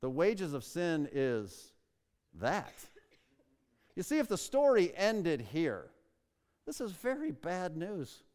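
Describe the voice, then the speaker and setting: A man's voice: on the high side, wildly swooping pitch, darkish tone. Emphatic male preacher in a reverberant hall. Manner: emphatic preaching with rhetorical questions, slows down to stress words. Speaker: pastor. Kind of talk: sermon. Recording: long reverb of a large hall.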